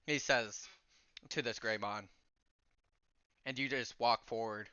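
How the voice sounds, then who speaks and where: A man narrating as game master of a tabletop game, with lively voice. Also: medium pitch, takes it slowly, long pauses, clean tone, dry recording, dull audio.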